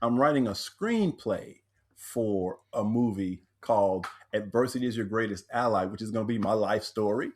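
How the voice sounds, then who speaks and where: A man, a speaker and author, telling personal stories in a podcast interview, animated and acting out the voices he quotes. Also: fairly low pitch, moderate pace.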